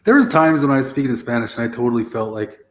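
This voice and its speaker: A man's voice: medium pitch, expressive, rapid-fire. A man, a podcast co-host, chatting in an easygoing way, often laughing and trailing off. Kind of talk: casual chat.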